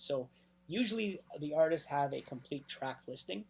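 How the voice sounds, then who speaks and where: A man as a DJ guest in a casual interview, telling anecdotes at length and often clearing his throat. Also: fairly high pitch, animated, fairly quick, darkish tone.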